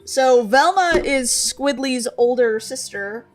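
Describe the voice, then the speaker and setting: A woman reads her own fantasy novel aloud in a high, very lively voice. She narrates casually, with quick asides, over faint background music. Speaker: author reading her old novel. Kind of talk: livestream story reading.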